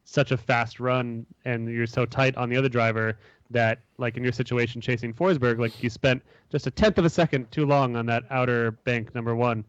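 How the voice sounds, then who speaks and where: A man's voice: mid-range voice, steady tone, normal speed, no echo, dull audio. A man co-hosting a podcast in an easygoing, teasing way. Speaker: podcast co-host. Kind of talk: casual podcast chat.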